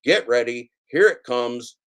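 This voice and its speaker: A man's voice: mid-range voice, expressive, unhurried, a bit bright. A man hosting a casual reaction stream, commenting on clips with playful, jokey mock warnings to his viewers.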